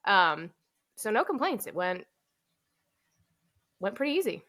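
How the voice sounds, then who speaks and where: A woman's voice: medium pitch, expressive, moderate pace, long pauses, a bit bright. A woman co-hosting a casual business podcast, chatty and self-deprecating, laughing often. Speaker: podcast co-host. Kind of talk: casual chat.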